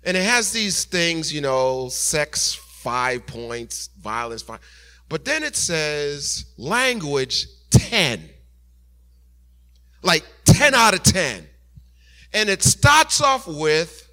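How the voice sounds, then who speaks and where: A pastor preaching a sermon and telling a story, animated, with sudden soft, quiet asides. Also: male voice, fairly high pitch, takes it slowly.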